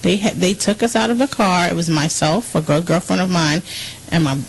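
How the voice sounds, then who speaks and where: A woman's voice: on the low side, fairly quick, creaky, breathy edge, low-quality recording. A woman on a radio talk show telling a personal story in an earnest, emotional way.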